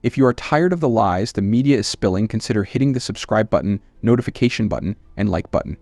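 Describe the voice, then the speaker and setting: A man's voice: fairly low pitch, lively intonation, quick pace, darkish tone, no echo. A man hosting a channel, reading scripted political commentary in a scornful, emphatic way.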